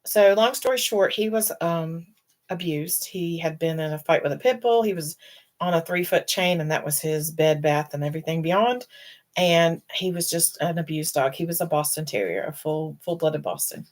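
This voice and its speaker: Low-voiced woman chatting tearfully on a stream. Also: normal speed. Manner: rambling, emotional, fighting back tears. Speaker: host. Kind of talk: casual live-stream chat.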